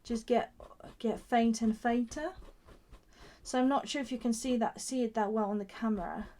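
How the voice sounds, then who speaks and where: A woman with a slightly high voice walks viewers through a craft technique step by step, thinking aloud as she goes. She keeps admiring each result, warmly enthusiastic and chatty. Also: moderate pace. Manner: gushing, admiring her own work. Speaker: craft shop founder and demonstrator. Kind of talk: live craft demonstration.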